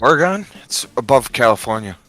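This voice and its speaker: A man co-playing a truck game, easygoing and helpful as he gives directions. His voice is bright and lively, moving up and down a lot as he talks. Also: medium pitch, fairly quick, faint music behind. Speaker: co-player on the stream. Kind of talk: casual chat.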